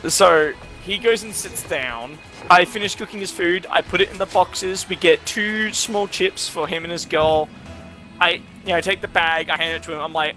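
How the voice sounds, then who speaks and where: A man's voice: sits high, moderate pace, bright, forceful tone, soft background music. A young man who tells a rambling, sweary story while gaming with friends. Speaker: streamer and gamer.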